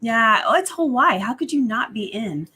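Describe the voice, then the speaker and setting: A woman's voice: a little high, lively intonation, moderate pace, bright, forceful tone, husky. A woman co-hosting a casual livestream, a teacher talking enthusiastically and chattily. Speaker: co-host, teacher.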